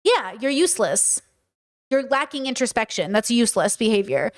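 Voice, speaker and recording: Young woman streamer ranting casually, high voice, blunt and animated, goofs into sing-song bits. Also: moderate pace. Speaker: podcast host and live streamer. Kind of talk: casual livestream commentary.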